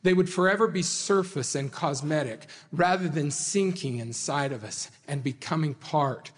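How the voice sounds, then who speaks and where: A man delivering a sermon to a congregation, earnest and measured, with dramatic slow pauses. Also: a little high. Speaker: speaker addressing a congregation. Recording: hall reverb.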